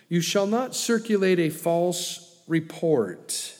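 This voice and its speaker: A man's voice: a little high, big pitch swings, unhurried, few pauses, a little mellow. A man preaching a folksy sermon, telling stories and growing emphatic as he makes his points. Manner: folksy storytelling, grows emphatic. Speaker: pastor. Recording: long hall reverb.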